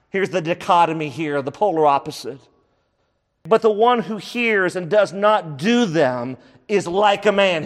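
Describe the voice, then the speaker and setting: A man's voice: sits high, fairly bright tone, big-room sound. A man preaching a sermon, emphatic and full of rhetorical questions, repeating phrases for stress.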